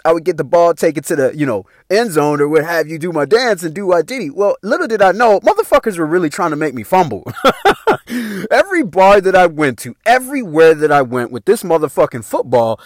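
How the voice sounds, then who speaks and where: Guy telling a wild story, cussing a lot, kinda high voice, super dry sound. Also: dry recording. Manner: animated, profane, laughs often. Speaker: vlogger telling a personal story. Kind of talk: casual storytelling.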